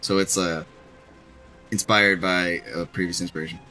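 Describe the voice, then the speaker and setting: Young male let's-play co-host, low bright voice, rambling joker, faint game music under. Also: fairly even intonation, normal speed. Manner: joking, rambling, laughs often. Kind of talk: casual gameplay chat.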